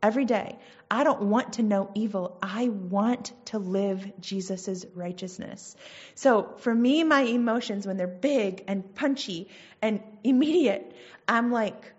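A woman who counsels gives a conversational sermon. She tells personal stories with lively energy and acts out her own quoted lines. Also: medium pitch, a little slow, lo-fi sound. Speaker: Christian speaker and counselor.

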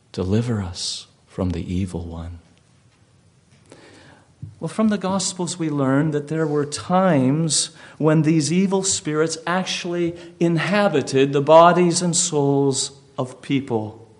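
A male preacher giving a sermon, telling a vivid story and putting questions to his listeners. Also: on the high side.

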